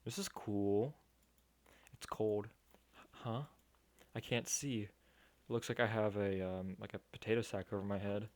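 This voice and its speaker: Brief: male game streamer, casual sarcastic reactions, lower voice. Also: steady tone, a little slow, pauses often, a little mellow. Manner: casual, sarcastic, swears freely. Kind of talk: reading a game aloud with reactions.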